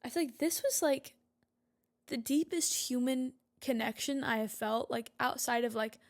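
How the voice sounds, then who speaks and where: A woman's voice: high voice, normal speed. A young woman hosting a solo podcast, telling a personal story in a candid, reflective way, full of "like" fillers. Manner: chatty storytelling with frequent "like" fillers. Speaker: podcast host. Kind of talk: casual solo podcast monologue.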